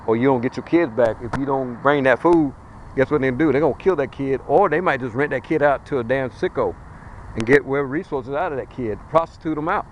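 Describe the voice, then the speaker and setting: A man delivers a fiery street sermon outdoors, talking in a blunt, colloquial and emphatic way as he warns his listeners. His voice sits at an ordinary middle pitch for a man. A faint hiss of traffic noise runs under him. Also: fairly quick, low-quality recording. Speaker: street preacher.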